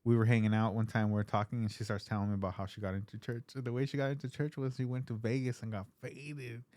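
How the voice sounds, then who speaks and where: A man's voice: mid-range voice, level tone, fast, mellow, dry recording. A man hosting an interview, telling casual stories with plenty of swearing and acted-out quotes. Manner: laid-back storytelling with lots of swearing and acted-out quotes. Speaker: podcast host.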